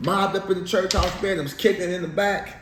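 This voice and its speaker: A man telling his life story in a casual interview, animated and slangy, laughing as he goes. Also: sits high, brisk. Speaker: interview guest. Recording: echoey room, faint background noise.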